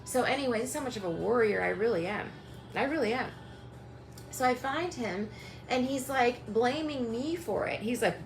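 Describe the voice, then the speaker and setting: A woman's voice: fairly high pitch, moderate pace, faint music behind, low-quality recording. A young woman hosting a livestream, ranting angrily and mockingly, swearing and calling out people directly. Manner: angry, profane, mocking, addresses people directly. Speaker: tarot reader hosting a livestream. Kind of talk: livestream rant to viewers.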